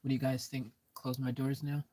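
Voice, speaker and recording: Mellow, husky-voiced man vlogging. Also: medium pitch, little pitch movement, brisk, dry recording. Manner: rambling, loose, peppered with filler phrases. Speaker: van life vlogger. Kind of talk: casual vlog chat to camera. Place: inside his parked van at night.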